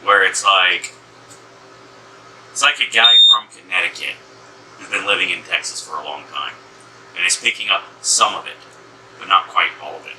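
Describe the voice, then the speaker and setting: A man co-hosting a casual movie chat, adding quick, knowing remarks. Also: sits low. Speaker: co-host. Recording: distant mic with faint room hum.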